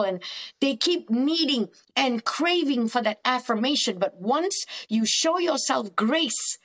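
High-voiced woman therapist, preacherly. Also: slow. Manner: animated, preacherly, acts out quoted voices; frequent restarts when thinking aloud. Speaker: cognitive therapist guest. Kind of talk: conversational podcast interview.

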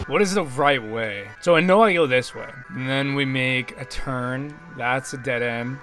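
A young man giving loud, excitable gameplay commentary with frequent yelling and swearing. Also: medium pitch, normal speed, few pauses, music in the background. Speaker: gaming YouTuber.

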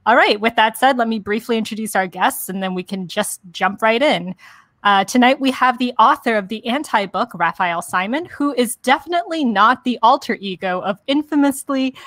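A woman hosting a bookstore's online event, announcing friendly and clearly. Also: fairly high pitch, normal speed, fairly bright tone, dry recording. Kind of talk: scripted event introduction. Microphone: video call.

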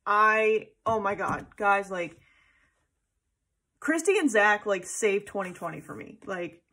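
Gushing bright-voiced woman vlogger. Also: mid-range voice. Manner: gushing, rambling, with many fillers and tangents. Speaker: planner vlogger. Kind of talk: casual chat.

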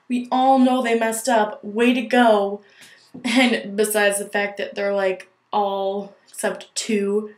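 A young woman vlogging in a gushing, chatty way, full of "like", recorded in an echoey room. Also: on the high side. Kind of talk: casual chat to camera.

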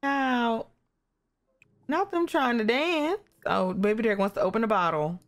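A woman with a fairly high-pitched voice speaks at a measured pace as she casually comments on her life-simulation game as a gaming YouTuber. Animated, she talks to the characters and exclaims at their actions.

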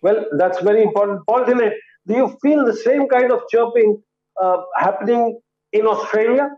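A man's voice: sits high, normal speed, dull audio. A man anchoring a live TV news panel, firing pointed, pressing questions at his guests.

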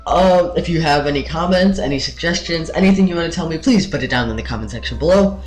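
A man hosting a let's play, reacting with excitable outbursts and plenty of fillers while he orders his crew around. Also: a little high, fast talker, soft background music. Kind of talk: casual gameplay commentary.

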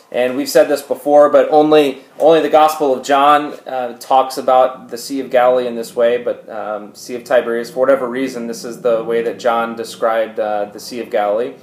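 A man's voice: medium pitch, level tone, moderate pace, few pauses, a little mellow. A man who is a pastor, teaching scripture in a sermon. He talks earnestly, explains each point and uses frequent "uh" fillers. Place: church sanctuary. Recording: echoey church hall.

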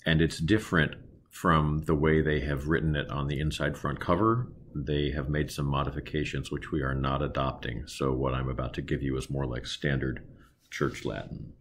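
A man leading a choir diction lesson, explaining vowel sounds carefully and singing slow demonstrations. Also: rumbling low, fairly even intonation, slightly rough. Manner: unhurried, careful teaching with slow sung demonstrations. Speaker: choir director.

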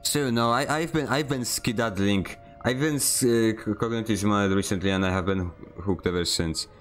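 A man's voice: lowish voice, normal speed, fairly bright tone, faint music behind. A man streaming a video game, chatting casually in a rambling, joking way, often stammering and restarting his sentences. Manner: joking, self-mocking. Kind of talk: casual chat while gaming.

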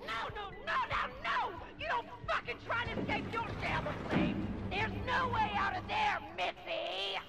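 A deranged backwoods mother from a horror video game. Her voice sits very high and she screams and curses at the player without restraint. Loud music plays under her lines. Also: unhurried, vocal fry, hardly any pauses, exaggerated voice. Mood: menacing. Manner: screaming, swearing, unhinged. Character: crazed, furious backwoods mother, middle-aged.

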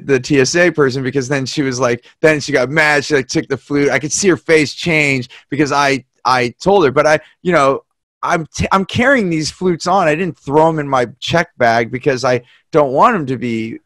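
This is a male podcast host of medium pitch, talking casually and bringing his stories to life by acting out quoted people. Recorded on a podcast mic, the audio is studio quality with no room sound.

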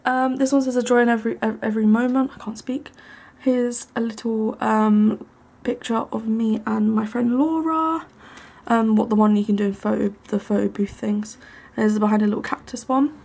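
A young woman giving a casual, rambling tour of her small bedroom, full of ums and likes, sometimes hushed. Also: on the high side, fairly even intonation, moderate pace, vocal fry. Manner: hushed at times so as not to wake her brother. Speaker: vlogger. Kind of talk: casual room tour vlog.

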